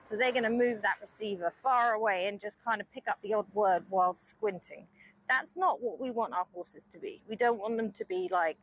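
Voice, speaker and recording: A woman riding instructor explaining riding technique calmly and patiently from horseback. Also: mid-range voice, normal speed, rough recording. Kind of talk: explanatory lesson while riding.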